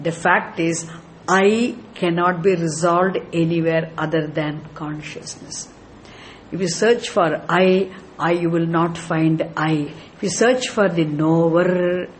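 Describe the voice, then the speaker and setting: A man's voice: sits high, slight background noise. A man teaching scripture as a spiritual teacher, emphatic and repetitive, with frequent chuckles. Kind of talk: scripture lecture.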